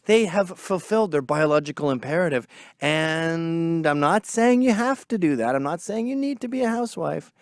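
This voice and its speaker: A middle-aged man giving a sarcastic, profane opinion monologue, swinging from quiet asides to shouting. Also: fairly high pitch, animated, moderate pace, dry recording, clean studio sound. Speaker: commentator.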